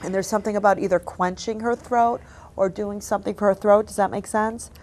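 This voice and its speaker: A woman hosting as a psychic medium, giving a reading in a gentle, apologetic, emotional way that often drops to a soft hush. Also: mid-range voice, steady tone, fairly quick.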